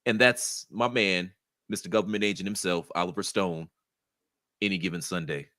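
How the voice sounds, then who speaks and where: A man co-hosting a casual podcast chat, wry and given to dramatic pauses. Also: deep voice, steady tone, pushed and bright, no room sound, clean studio sound. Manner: dramatic, wry, slows for emphasis. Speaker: co-host.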